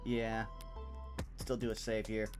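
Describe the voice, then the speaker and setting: A host of a group playthrough who reads game dialogue in a steady, measured way and drops into easy chat between lines. The voice sits at a middling pitch. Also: soft background music. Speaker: host and player. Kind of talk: reading game dialogue aloud and chatting.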